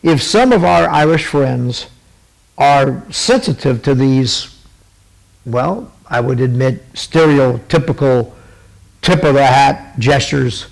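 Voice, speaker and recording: A man with a gravelly, mid-range voice hosts his own talk podcast. He rambles through casual commentary, stopping and restarting often and filling gaps with "uh" and "um." He is holding back a cough. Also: medium pitch, slow pace, rough recording. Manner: meandering, many fillers and restarts. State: fighting a cough. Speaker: podcast host.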